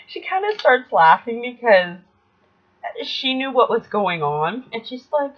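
A woman's voice: medium pitch, animated, a little slow. A young woman telling a personal story in a casual, rambling vlog, often correcting herself as she goes. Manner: chatty, rambling, self-correcting. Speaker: vlogger. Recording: dull lo-fi home video audio.

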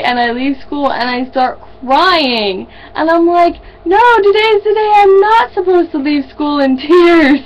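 A young woman, a student, telling an animated story to her camera at home, laughing as she goes. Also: a little high, slight background noise, rough recording. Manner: animated, laughing storyteller who acts out quotes. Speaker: vlogger and student. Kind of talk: casual video diary. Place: indoors at home. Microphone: camera built-in mic.

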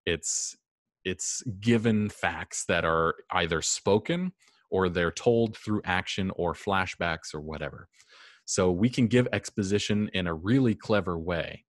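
Man, teacher, very low voice, dry close recording, casual rambling lecture, lots of ums. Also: a little slow, no room sound. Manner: casual, rambling with frequent um and restarts. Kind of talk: classroom lecture.

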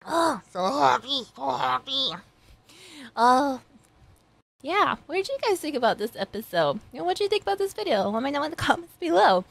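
A woman's voice: sits high, big pitch swings, fairly quick, creaky. A young woman reacting to an anime episode, gushing, squealing and laughing, then chatting casually to her viewers. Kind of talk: excited reaction commentary.

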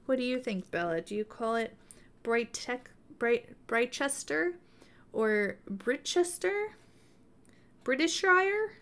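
A woman's voice: on the high side, animated, takes it slowly. Chatty, playful woman streamer. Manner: chatty and playful, baby-talks to her dog. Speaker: live streamer. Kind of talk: casual live-stream chat.

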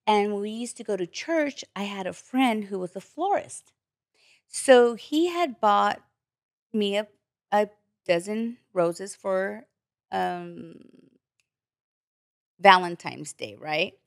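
A woman tells a personal story on a podcast, jumping into other people's voices as she quotes them and swearing as she goes. Her pitch sits in the middle, and the close mic leaves the sound dry. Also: takes it slowly, creaky, long pauses, dry recording. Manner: animated, acts out quoted voices, swears freely. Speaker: podcast guest. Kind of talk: candid storytelling chat.

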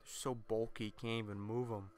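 A man's voice: lowish voice, little pitch movement, fairly quick, darkish tone. A man hosting a let's play, rambling through crude, self-mocking jokes while commenting on the game.

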